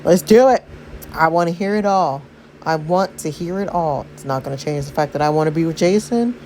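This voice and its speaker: A woman voicing a stubborn, lovestruck young daughter who keeps pressing her father with questions, pitched higher than her own voice. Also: fairly quick, a little mellow, a little hiss or hum, close to an everyday voice. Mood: defiant.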